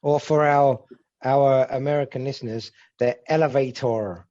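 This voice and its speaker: A man's voice: mid-range voice, fairly even intonation, moderate pace, mellow. A man co-hosting a podcast in casual chat, rambling and repeating himself, with the odd swear. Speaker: podcast co-host. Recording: slightly dull lo-fi audio.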